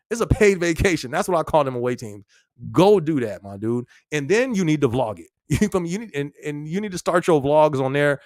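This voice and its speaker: Energetic laughing man on a live podcast. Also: on the high side, no echo, clean studio sound. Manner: energetic, laughing often, slangy and loose. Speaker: podcast host. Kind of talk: casual live-stream chat.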